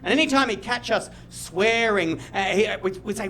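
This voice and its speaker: A young man with an Australian accent telling a stand-up story to a live crowd. His voice sits high, and he tells it in an animated way, now and then bursting into loud shouts. A faint hum of the room sits behind him. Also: normal speed. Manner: animated, jumps to loud shouts when acting out his dad. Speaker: stand-up comedian. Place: comedy stage before a live audience.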